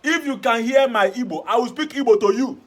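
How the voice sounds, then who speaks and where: High-pitched man from Nigeria, eager and earnest panelist. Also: brisk. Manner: enthusiastic, earnest agreement. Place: television studio.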